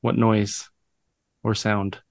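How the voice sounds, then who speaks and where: A man's voice: fairly low pitch, flat delivery, drawn-out words, no echo. A man hosting a casual podcast, asking the questions and joking and swearing freely. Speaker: podcast host. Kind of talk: casual chat.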